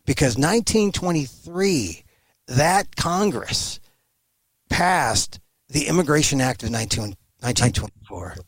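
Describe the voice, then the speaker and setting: A man speaking as a guest over a remote call, emphatic and animated, with halting restarts. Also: a little high, no room sound. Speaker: guest commentator. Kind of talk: remote interview.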